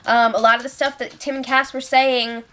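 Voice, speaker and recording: High-voiced woman recapping reality show gossip. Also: normal speed. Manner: animated retelling with quoted voices and laughs. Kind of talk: casual spoiler recap.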